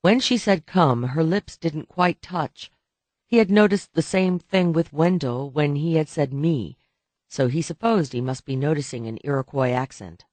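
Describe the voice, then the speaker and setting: A man's voice: on the high side, moderate pace, darkish tone, no room sound. Man reading a novel aloud. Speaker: audiobook narrator. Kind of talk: scripted narration.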